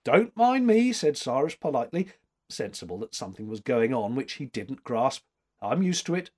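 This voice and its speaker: A man's voice: mid-range voice, very animated, moderate pace, darkish tone. A man doing an offhand, charming young man.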